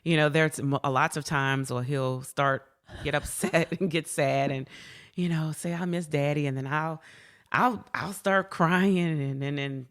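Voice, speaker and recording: A woman in a casual interview chat, warm, laughing often and repeating words as she talks. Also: low voice, steady tone, unhurried. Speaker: guest.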